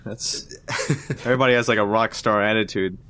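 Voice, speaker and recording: A man's voice: on the low side, fairly quick. A man co-hosting a casual comedy podcast, riffing sarcastically with his friends. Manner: animated, sarcastic. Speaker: podcast co-host.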